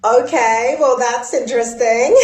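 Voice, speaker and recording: Soothing woman guiding breathwork, echoey room. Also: mid-range voice. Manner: soothing, gently instructive. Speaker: spiritual guide leading a ritual. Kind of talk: guided breathwork and ritual instruction.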